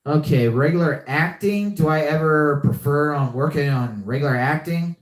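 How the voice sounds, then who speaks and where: Here the young man running the live podcast talks at normal speed in a fairly high pitch, his words bouncing around an echoey room. He keeps things casual and often says the same thing twice.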